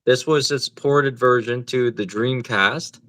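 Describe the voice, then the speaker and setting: A man's voice: medium pitch, takes it slowly, a bit bright, dry recording. A man co-hosting a podcast, chatting casually about video games in a laid-back way and swearing freely. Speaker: podcast co-host. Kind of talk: casual gaming chat.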